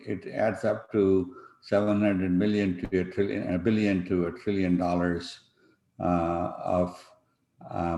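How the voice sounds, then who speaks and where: Halting male conference speaker, low-pitched, presenting slides from an echoey room. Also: creaky, darkish tone. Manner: halting, many fillers and restarts. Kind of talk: online conference talk with slides. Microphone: video call.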